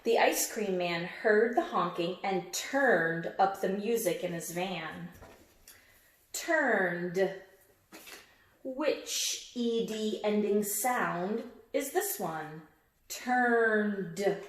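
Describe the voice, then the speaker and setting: Slow, deliberate woman teaching phonics. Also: medium pitch, echoey room. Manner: repeats words slowly and emphatically, quizzing listeners. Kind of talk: read-aloud phonics lesson.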